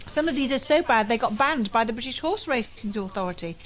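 Playful high-voiced woman co-host. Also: expressive, a bit bright, a little hiss or hum. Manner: playful, laughing, quick delivery of lists. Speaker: podcast co-host. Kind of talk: casual chat, reading listener emails.

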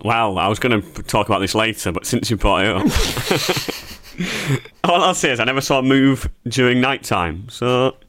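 A man's voice: mid-range voice, moderate pace, a bit bright. A man co-hosting a comedy podcast, telling anecdotes in a teasing, chuckly way. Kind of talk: casual joking chat.

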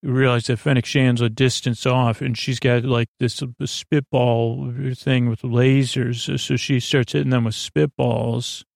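A man hosting a podcast, casually recapping a show episode in a halting way with many fillers and restarts. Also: medium pitch, flat delivery, vocal fry, a little mellow, dry recording, studio quality. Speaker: podcast host.

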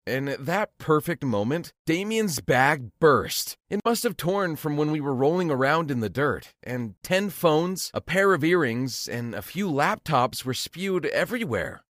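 Expressive male storyteller, dry sound. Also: on the high side, no echo. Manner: expressive, dramatic first-person telling. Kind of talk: animated story narration.

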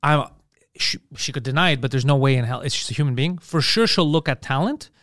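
A man's voice: medium pitch, a little fast, fairly bright tone, no echo, clean studio sound. A man hosting a casual podcast chat, blunt and emphatic and swearing freely as he makes his points. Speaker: podcast host.

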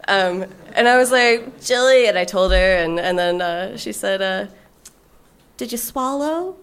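A woman's voice: mid-range voice, steady tone, moderate pace, a bit bright, clear, resonant tone. A woman in her forties telling a personal story as a podcast guest, frank and profane and laughing often. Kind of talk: candid conversational storytelling.

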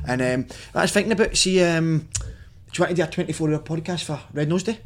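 A man's voice: a little high, quick pace. A Scottish man, a former footballer, co-hosting a podcast, talking enthusiastically about football and stumbling over his words. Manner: enthusiastic, repeats himself, laughs often. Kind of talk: casual football chat.

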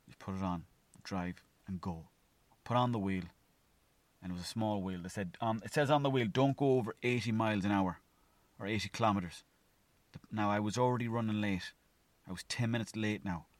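A man's voice: lowish voice, a little fast, no room sound. A young Irish man from Mayo rambling through a solo podcast story, swearing freely and acting out his own thoughts. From Ireland. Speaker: podcast host.

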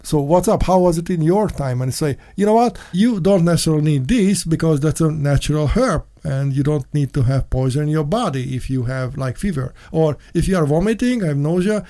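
A man hosting a casual commentary monologue, sarcastic, mocking in put-on voices and breaking into sudden shouts. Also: on the high side, a little fast, few pauses. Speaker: podcast host.

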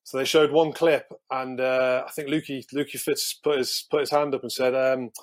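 A man's voice: mid-range voice, level tone, normal speed, hardly any pauses. Rambling man telling dressing-room stories. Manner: rambling, repeats words, laughs at own anecdotes. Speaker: guest. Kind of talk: casual storytelling.

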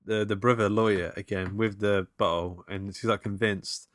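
A man's voice: fairly low pitch, steady tone, normal speed, no room sound, studio quality. A man in casual chat about a film, laid-back while recapping scenes.

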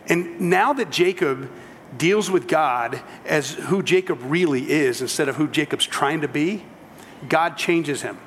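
A man's voice: on the high side, lively intonation, measured pace, fairly bright tone, long reverb tail, slight background noise. A man preaching a sermon, telling the story in a conversational way with humorous asides. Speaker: pastor.

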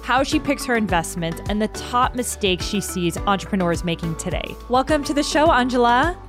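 A woman's voice: a little high, lively intonation, moderate pace, music in the background. A woman hosting a podcast, asking questions in an upbeat, enthusiastic way. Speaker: podcast host. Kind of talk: podcast interview.

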